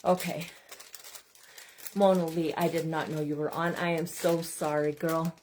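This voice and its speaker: A woman's voice: low-pitched, flat delivery, measured pace, a little mellow, slight background noise. Chatty woman hosting a craft livestream. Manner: chatty, keeps addressing viewers as "you guys"; self-deprecating and apologetic. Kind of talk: casual livestream chat.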